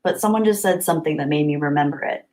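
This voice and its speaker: A woman chatting casually on a live stream from her home webcam setup, reading chat and greeting viewers with bubbly, gushing excitement and little gasps. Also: deep voice, fast talker, rough recording. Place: home, apartment.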